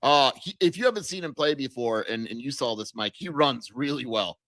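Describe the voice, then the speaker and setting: A man's voice: medium pitch, lively intonation, fairly quick, fairly bright tone, dry recording. A man co-hosting a podcast, breaking down a basketball game in casual, analytical chat. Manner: conversational, analytical. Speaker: podcast co-host.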